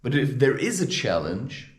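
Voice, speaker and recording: A man in a ranting vlog monologue, heated and animated, with his pitch swinging widely. The room around him rings with a noticeable echo. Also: measured pace. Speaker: spiritual advice vlogger.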